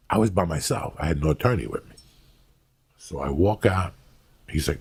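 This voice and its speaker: A middle-aged man hosting a podcast, telling a story in a profane, animated way. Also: low voice, brisk, gravelly, slightly rough. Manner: profane, animated storyteller acting out other people's voices. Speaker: podcast host. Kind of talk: storytelling in casual chat.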